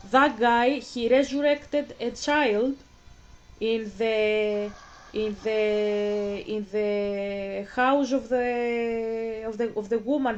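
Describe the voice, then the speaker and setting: A woman's voice: a little high, darkish tone, rough recording. A woman hosting a reaction video, rambling and exasperated as she stumbles over her words. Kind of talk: casual reaction commentary.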